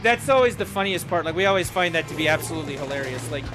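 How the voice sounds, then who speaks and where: A man's voice: on the high side, lively intonation, very fast, over music. A young man streaming a game and chatting casually to viewers, rambling with lots of fillers. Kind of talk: casual chat while gaming.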